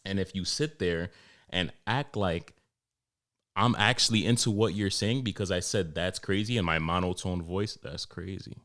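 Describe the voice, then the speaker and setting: A young New man hosts his podcast in a loose, profane rant, slipping into quick impressions of the people he talks about. His voice sits on the low side. He swears freely and keeps the pace casual. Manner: profane, animated storytelling with mimicked customers. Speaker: podcast host and barber.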